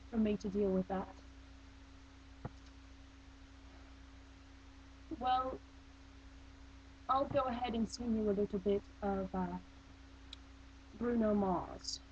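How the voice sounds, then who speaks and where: A woman's voice: mid-range voice, slow, pauses often, darkish tone. Bored young woman in a vague put-on accent. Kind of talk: casual webcam monologue. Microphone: built-in webcam mic. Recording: dull lo-fi webcam audio with faint hum.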